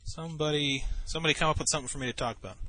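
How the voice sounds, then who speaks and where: A man's voice: fairly high pitch, rapid-fire, bright, forceful tone, rough recording. A man commentating over a game replay, telling a rambling, profane story in a casual way, full of restarts.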